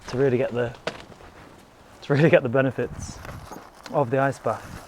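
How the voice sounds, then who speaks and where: A man's voice: medium pitch, fairly even intonation, moderate pace, darkish tone, a little hiss or hum. A young man talking casually to the camera as a fitness vlogger, outdoors in a garden, chatty and rambling with lots of "you know" asides. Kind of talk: casual vlog talk to camera.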